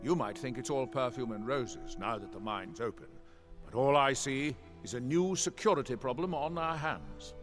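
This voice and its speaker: A man's voice: mid-range voice, expressive, soft background music, natural voice. A man voicing a stern guard captain giving orders. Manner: brisk, businesslike orders.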